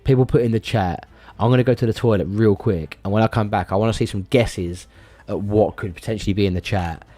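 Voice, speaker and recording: Male streamer, lowish voice, rambling and stammery, casual swearing. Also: a little fast, dark tone, faint music behind. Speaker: live streamer. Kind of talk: casual live-stream chat.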